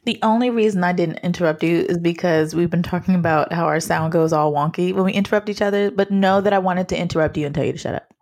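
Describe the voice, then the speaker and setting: A woman's voice: lowish voice, a little mellow. Playful teasing woman podcast co-host. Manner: playful, teasing, quick asides. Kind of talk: casual chat.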